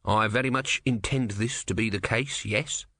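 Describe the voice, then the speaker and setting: A grumpy, bossy tortoise god, as a male reader puts him on, gruff and demanding. The tone is bright and forceful. It is recorded close and dry, with no room sound. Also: lowish voice, moderate pace, no room sound. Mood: bossy grumbling.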